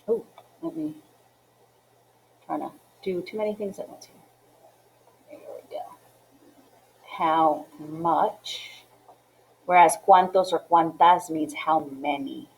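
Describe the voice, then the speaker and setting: A woman teaching a class in a patient, step-by-step way. Her voice sits slightly low, and she keeps checking in with "okay?" and "right?" as she goes. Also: animated, slow pace, creaky, long pauses, slight background noise, low-quality recording. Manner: mixes English with Spanish phrases. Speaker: Spanish teacher. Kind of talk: classroom lesson walkthrough.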